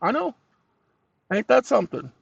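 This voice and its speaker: A man with a rather high voice hosts his own channel, talking straight to viewers in a folksy, animated way. He barks short commands at a voice assistant and dictates questions to it. The sound is dry and close, with no room around it. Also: moderate pace, gravelly, husky, no room sound, highs cut off. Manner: animated, scolding, commanding interjections; folksy, addresses audience as y'all. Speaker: channel host.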